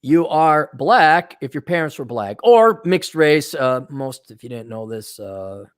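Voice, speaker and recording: A man's voice: on the high side, animated, unhurried, clean tone, dry recording, clean studio sound. A middle-aged man giving a blunt, sarcastic opinion monologue as a commentator. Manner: sarcastic and blunt, mocks in put-on voices. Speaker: commentator reading and reacting.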